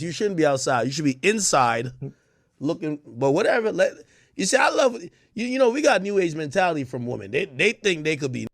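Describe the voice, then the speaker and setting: A man ranting casually about dating in animated slang. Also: sits high, gravelly, no echo, studio quality. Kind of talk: casual rant in a clip.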